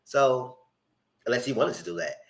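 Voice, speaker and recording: A man's voice: medium pitch, normal speed, low-quality recording. A man hosting a live recap of a reality TV show, talking casually and acting out what the cast said. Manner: animated, acts out quotes in voices. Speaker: TV recap host. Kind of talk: casual live-stream commentary.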